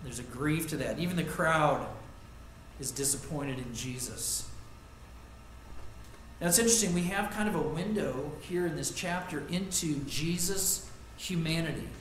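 A middle-aged man preaches with earnest conviction, his fairly high voice climbing and swelling when he builds a point, then falling quiet and close as he tells a story from his own life. The sound rings around an echoey church sanctuary, and faint room noise sits underneath. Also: unhurried. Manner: earnest preaching, rising loud on lists and quotes, dropping soft on personal stories. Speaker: pastor. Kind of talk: sermon.

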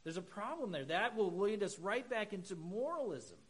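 A middle-aged pastor preaching a sermon in a conversational way, with humorous asides and emphatic high points. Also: male voice, very animated, normal speed, slightly rough, poor audio.

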